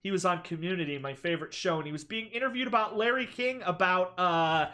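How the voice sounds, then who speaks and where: A woman streaming a game, chatting casually in an excitable, exclamatory way with casual swearing. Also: on the low side, fast.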